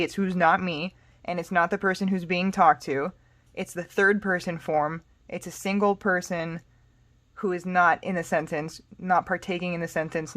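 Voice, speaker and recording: A woman's voice: fairly low pitch, a bit bright, no echo. A woman, an English speaker, teaching a recorded Spanish lesson patiently, step by step, with casual asides. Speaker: Spanish tutor.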